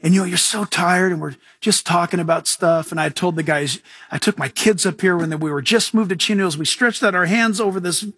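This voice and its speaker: A man preaching a casual, animated sermon as a pastor, joking and acting out quoted voices. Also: high voice, brisk, husky, dry recording, studio quality.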